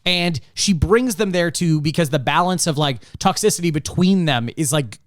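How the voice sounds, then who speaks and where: A man co-hosting a podcast in casual chat, rambling and animated, with lots of fillers and laughs. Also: a little high, moderate pace, dry recording, clean studio sound. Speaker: podcast co-host.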